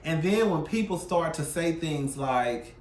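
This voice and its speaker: Brief: male gossip vlogger, sassy and animated, slightly high voice, roomy echo. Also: measured pace, a little hiss or hum. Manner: sassy, animated, profane, swings loud and soft. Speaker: YouTube commentary host. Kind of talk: casual celebrity gossip commentary.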